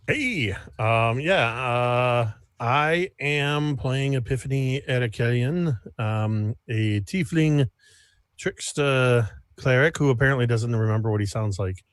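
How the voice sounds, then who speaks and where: A man's voice: medium pitch, takes it slowly, no echo, clean studio sound. Hesitant man introducing his character. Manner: hesitant, laughing at himself. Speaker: player. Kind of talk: casual tabletop game chat.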